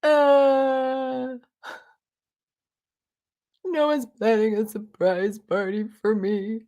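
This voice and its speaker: A woman's voice: fairly high pitch, little pitch movement, warm tone. A woman acting out her whiny, self-pitying younger self at twenty-nine. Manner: whining, drawn-out pleading.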